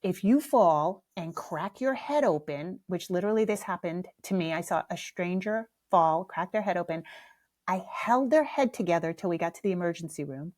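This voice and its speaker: A woman's voice: lowish voice, animated, moderate pace, a little mellow. A middle-aged woman hosting a podcast, telling a comic family story in a casual, self-mocking way and swearing freely. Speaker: podcast host.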